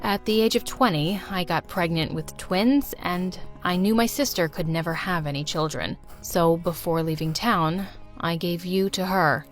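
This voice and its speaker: A woman's voice: lowish voice, normal speed, soft background music, pitched below the performer's own voice, lightly acted. A woman voicing a regretful middle-aged birth mother, telling her story earnestly.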